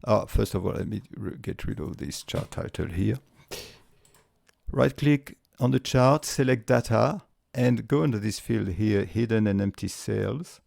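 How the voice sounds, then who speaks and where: A man with a voice walking through a spreadsheet tutorial step by step, relaxed, with frequent fillers and restarts. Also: fairly low pitch, creaky, no echo, studio quality. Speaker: tutorial presenter. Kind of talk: screen-recorded software tutorial.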